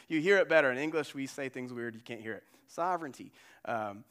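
A man's voice: mid-range voice, expressive, fast talker, fairly bright tone. A man preaching a sermon as pastor, in a casual, conversational way with slangy asides.

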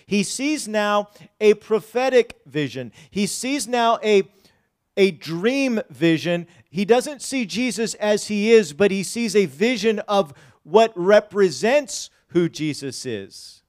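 A man preaching a sermon, speaking straight to the congregation, dropping to quiet asides and rising to loud, drawn-out emphasis. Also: high-pitched, animated. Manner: folksy, addresses the congregation directly. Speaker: pastor.

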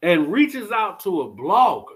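Streamer, male, high-pitched and expressive, slow deliberate delivery, blunt opinionated talk to chat. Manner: blunt, animated, addresses viewers directly. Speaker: vlogger reacting to live chat. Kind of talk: casual commentary on a live stream.

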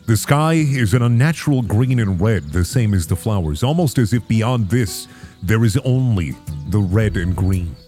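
A young man as game master, calmly narrating scenes and swearing casually between them. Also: on the low side, moderate pace, faint music behind.

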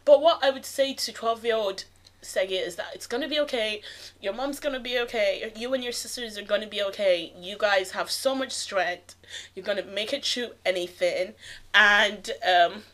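A woman's voice: mid-range voice, normal speed, a bit bright. A young woman co-hosting a podcast, talking candidly and swearing freely in a casual chat. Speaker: podcast co-host.

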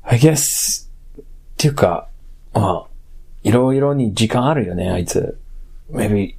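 A man's voice: mid-range voice, a little slow, creaky, long pauses, darkish tone, husky. A man hosting a podcast alone, talking in a casual, playful way, switching between sulky grumbles and muttered asides. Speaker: podcast host. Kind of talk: bilingual casual podcast chat.

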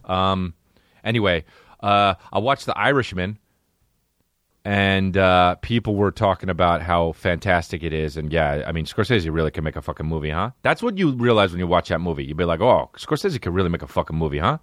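A man's voice: deep voice, normal speed, a bit bright, no echo, clean studio sound. A man hosting a comedy podcast, rambling and cursing through a casual solo monologue. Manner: rambling, profane, full of impressions. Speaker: podcast host.

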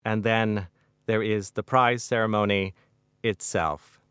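Smooth, low-voiced man reading his novel. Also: fairly even intonation, a bit bright, dry recording, clean studio sound. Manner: measured, wry literary narration. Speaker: author.

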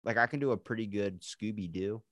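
A man from the United States hosts a podcast in a low voice, chatting loosely and swearing often. His voice sounds dry and close, with no room around it. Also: fairly quick, a bit bright, dry recording. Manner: swearing, self-deprecating. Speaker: podcast host. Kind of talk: casual chat.

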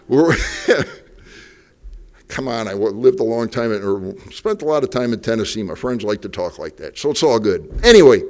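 A man preaching a Sunday evening sermon in a church, folksy and emphatic, full of rhetorical questions to the congregation. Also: mid-range voice. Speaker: pastor. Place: church sanctuary.

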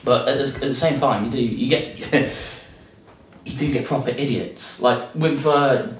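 A man talks loosely on a podcast, sarcastic and quick to swear, doubling back on his words. He sits a little back from the mic in a roomy space, and a faint hiss runs underneath. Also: medium pitch. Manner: sarcastic, swears freely, rambling with restarts. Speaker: podcast co-host. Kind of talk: casual chat. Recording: roomy echo, a bit distant, faint hiss.

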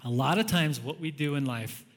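Male pastor, slightly higher voice, chatty sermon storyteller who chuckles often, big hall reverb. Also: normal speed. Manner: conversational, storytelling with frequent chuckles.

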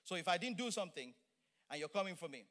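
A middle-aged man preaching a sermon, animated and emphatic with playful asides. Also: high voice, fast. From Nigeria.

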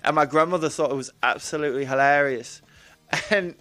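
Young male regular, slightly high-pitched, relaxed profane storyteller. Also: brisk. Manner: laid-back, giggly, profane storytelling. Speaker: tattoo artist, cast member. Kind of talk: casual chat.

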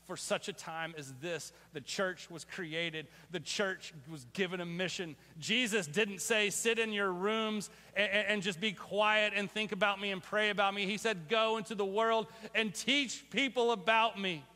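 A male pastor giving a livestreamed sermon in a casual, animated way, swinging from loud exclamations to hushed, near-whispered storytelling. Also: high voice, a little slow, few pauses.

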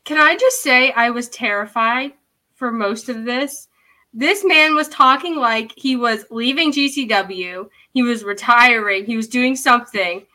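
Woman co-host with a high, bright voice who tells stories with lots of animation and laughs between words. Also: a little slow, rough recording. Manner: animated storyteller acting out her own reactions; laughs often mid-sentence. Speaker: co-host reviewing wrestling. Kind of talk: casual chat.

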